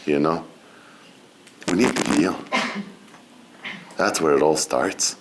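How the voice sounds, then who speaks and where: A middle-aged man speaking as a guest at a seminar, relaxed and conversational, often saying "you know" and laughing between points. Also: very deep voice, slow pace, noisy background. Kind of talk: informal spiritual talk.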